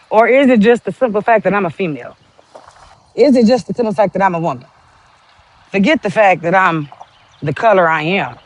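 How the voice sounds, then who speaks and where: A woman hosting a podcast, talking bluntly in a casual monologue full of rhetorical questions. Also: medium pitch. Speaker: podcast host.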